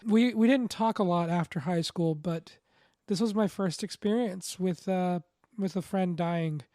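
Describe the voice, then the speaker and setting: A woman co-hosting a casual podcast, speaking plainly with deadpan wisecracks. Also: fairly low pitch, unhurried, dry recording, studio quality. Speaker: podcast co-host. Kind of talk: casual chat.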